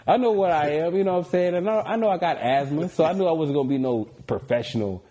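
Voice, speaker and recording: A man's voice: on the high side, quick pace, mellow. A man from the United States, a podcast guest telling stories in a casual, joking way and laughing often. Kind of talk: casual storytelling interview.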